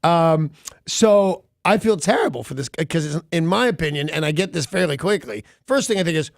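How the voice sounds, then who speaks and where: Male radio host, wry self-mocking storyteller, a bit high and gravelly, dry booth. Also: lively intonation, moderate pace, no room sound. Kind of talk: casual morning radio chat.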